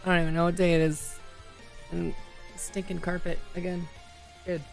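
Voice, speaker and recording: A woman hosting a live stream in casual chat, talking to her viewers and laughing often, her voice still a little hoarse. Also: fairly low pitch, flat delivery, normal speed, faint music behind. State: slightly hoarse, voice recovering. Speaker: livestream host.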